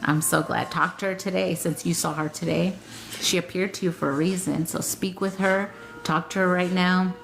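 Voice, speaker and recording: A woman running a casual live healing session, her voice sitting a little low. She talks bluntly, swears freely and laughs often. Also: creaky, slight background noise. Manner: blunt, profane, laughs often, reads chat comments aloud. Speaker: spiritual healer hosting a live session. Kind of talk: casual live-stream chat.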